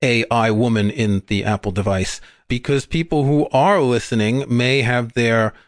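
A man's voice: medium pitch, no room sound, clean studio sound. Joking English man, podcast co-host. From England. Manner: chatty, joking, quick asides. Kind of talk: casual podcast chat.

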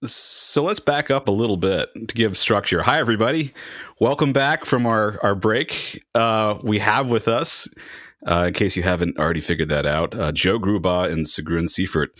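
A man hosting a podcast interview, chatty and full of fillers, with quick bursts of speech. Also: on the low side, a bit bright, no room sound, clean studio sound. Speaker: podcast host. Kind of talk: casual interview chat.

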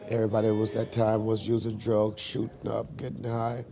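A man in an interview, telling his life story in a lively storytelling way and acting out the dialogue. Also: lowish voice, normal speed, gravelly.

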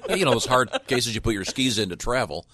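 A man's voice: mid-range voice, fairly quick, bright, forceful tone, breathy edge, no room sound. A man co-hosting a radio show, bantering casually and enthusiastically, chuckling as he talks. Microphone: studio microphone.

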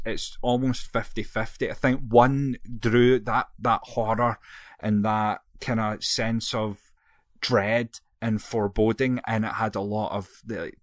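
A man's voice: medium pitch, no room sound, studio quality. A man, co-hosting a casual chat and rambling through his opinions, often correcting himself. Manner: rambling, self-correcting, jokey. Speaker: podcast co-host.

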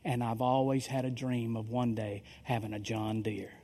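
Storytelling pastor in a reverberant hall. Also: male voice, medium pitch, moderate pace. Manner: animated storyteller acting out quoted dialogue. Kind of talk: sermon storytelling. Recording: long reverb of a large hall.

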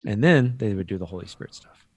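Low-voiced, reflective male co-host. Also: animated, fast talker, darkish tone, no echo. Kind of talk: casual faith talk.

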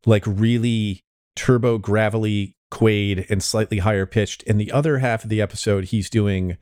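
A man co-hosting a podcast in a low, easy voice. He rambles through his points with plenty of hedging, and the sound is dry and close. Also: fairly even intonation, normal speed, a little mellow, clear, resonant tone, dry recording. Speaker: podcast co-host. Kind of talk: casual chat.

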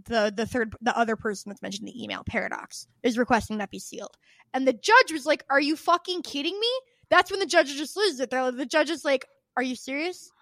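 A woman with a high, bright voice riffs on a podcast in loose, casual chat. She rants with open exasperation, swears freely and slips into other voices to act out the people she quotes. The sound is dry and close, with no room around it. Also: fast talker, vocal fry, no echo. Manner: acts out quoted people with shifts of voice. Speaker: podcast co-host.

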